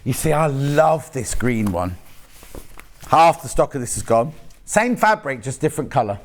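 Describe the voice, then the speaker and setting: A man's voice: mid-range voice, sing-song, moderate pace. A man presenting live on a shopping channel, chatting and joking in rambling asides while selling fabric in a TV studio.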